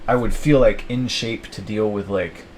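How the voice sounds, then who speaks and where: A man's voice: fairly low pitch, steady tone, normal speed, a little hiss or hum, rough recording. A young man thinking aloud at his desk, rambling and self-mocking as he plans his week. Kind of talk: rambling solo self-talk.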